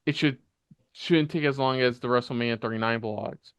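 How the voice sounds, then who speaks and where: A man's voice: medium pitch, moderate pace, fairly bright tone, clean tone, no echo. A man hosting a casual panel show, signing off with an upbeat plug for the channel. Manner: upbeat promotional sign-off. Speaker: host.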